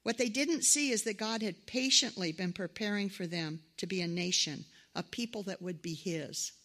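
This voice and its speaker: At normal speed and medium pitch, a middle-aged woman preaches in a conversational style. She shares personal stories, animatedly voicing the people who appear in them.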